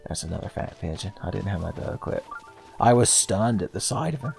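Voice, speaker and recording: A man in his thirties with a low voice, riffing through casual gameplay commentary. He keeps up a stream of sarcastic, profane jokes. Faint game music sits in the background. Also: expressive, fairly quick, gravelly, a little mellow. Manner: jokey, sarcastic, profane asides. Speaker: let's play host.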